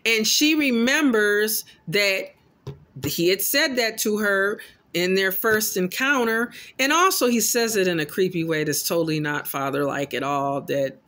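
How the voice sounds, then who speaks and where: Bright-voiced man recapping a film. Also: high voice, unhurried. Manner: animated storytelling, loosely paraphrasing scenes. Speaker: film commentator.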